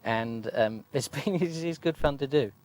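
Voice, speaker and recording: A man's voice: mid-range voice, moderate pace, darkish tone. A man, a comedy actor, speaking wryly and self-mockingly in a documentary interview.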